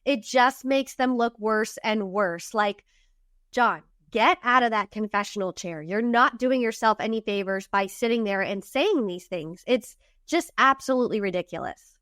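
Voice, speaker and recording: A woman's voice: a little high, moderate pace, fairly bright tone, dry recording, studio quality. A woman co-hosting a casual recap podcast, talking in an indignant, emphatic way. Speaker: podcast co-host.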